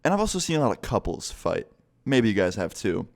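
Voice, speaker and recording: A man's voice: lowish voice, sing-song, a little fast. A man telling a story-time vlog in a casual, rambling way, swearing often. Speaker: vlogger.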